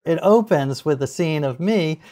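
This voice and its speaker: A middle-aged man telling anecdotes as a podcast guest, animated, laughing easily and acting out what people said. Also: fairly high pitch, moderate pace. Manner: animated storyteller, laughs often, acts out quotes. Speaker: guest author. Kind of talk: casual podcast interview.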